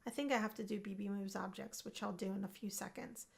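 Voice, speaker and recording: A woman's voice: mid-range voice, steady tone, quick pace, vocal fry. A woman chatting casually as she plays a life-simulation game, upbeat and talkative, often repeating her own words for emphasis. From Puerto Rican family. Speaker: gaming video host. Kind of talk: casual Let's Play commentary.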